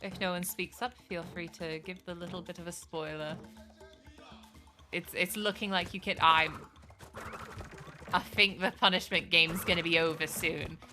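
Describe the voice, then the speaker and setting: A woman's voice: on the low side, fairly even intonation, normal speed, pauses often, music in the background. A young woman streaming a game live, rambling in casual, self-mocking chat with her viewers as she plays.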